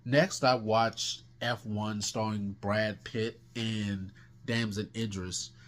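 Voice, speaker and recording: A man's voice: fairly low pitch, steady tone, slow pace. A man casually reviewing the movies he watched last month, rambling with lots of restarts and fillers. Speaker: film reviewer.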